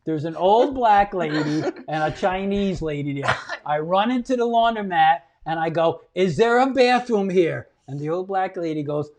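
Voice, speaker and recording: A man, a guest comedian telling a story on a podcast, animated and loud, acting out the scenes and swearing. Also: a little high, normal speed, few pauses.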